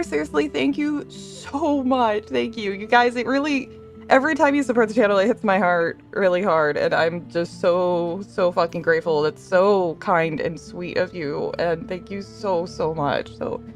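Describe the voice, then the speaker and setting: A woman live-streaming a game, chatting with viewers and reading chat aloud, bubbly, laughing often and swearing freely. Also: medium pitch. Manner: reads chat messages aloud.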